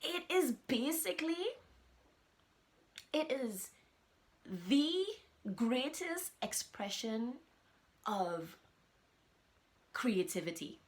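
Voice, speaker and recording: An animated woman hosts her podcast in a casual, chatty way. She talks straight to her listeners and keeps their attention in a mid-range voice. It is recorded as she sits in front of her camera. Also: medium pitch, slow pace, long pauses. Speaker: podcast host. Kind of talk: casual chat. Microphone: camera with audio.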